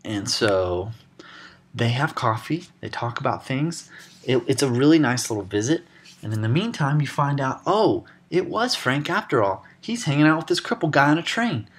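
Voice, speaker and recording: A man retelling a movie plot as a comedy vlog, rambling and excited, jumping into quick acted-out quotes. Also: medium pitch, breathy edge.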